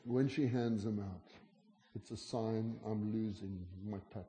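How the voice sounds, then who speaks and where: Slow, dramatic man preaching in an echoey room. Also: fairly low pitch, fairly even intonation. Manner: dramatic swings between soft asides and loud emphasis. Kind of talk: sermon.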